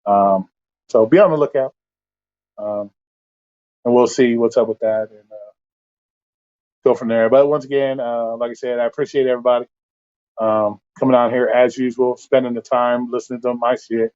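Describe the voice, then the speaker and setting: A man's voice: mid-range voice, steady tone, moderate pace, long pauses, darkish tone, muffled recording. A man hosting a casual livestream, ranting bluntly with heavy profanity and exasperation. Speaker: livestream host.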